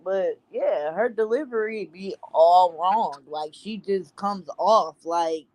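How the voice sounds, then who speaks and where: A host in a casual chat who talks bluntly and in slang, with animated asides. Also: mid-range voice, slow pace.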